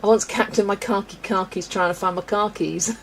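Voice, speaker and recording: With a steady tone and brisk pace, a woman running a colouring livestream chats easily with viewers, frequently giggling. Her medium-pitched voice carries a gravelly creak, captured in a low-quality recording with slight background noise.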